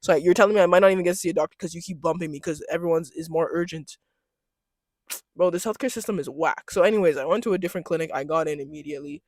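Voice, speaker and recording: A young woman vlogger telling a story in casual chat, slangy and animated, laughing often and switching into loud mocking voices when she quotes people. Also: on the low side, very fast, no room sound, studio quality.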